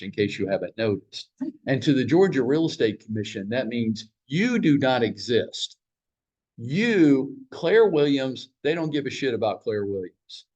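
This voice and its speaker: A man at a mid pitch leads a training huddle for real estate agents. He tells blunt stories with a bit of swearing and keeps throwing questions at the room. The recording sounds dull and lo-fi. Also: a little mellow. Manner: storytelling, blunt, mild swearing; fires rhetorical questions at the room.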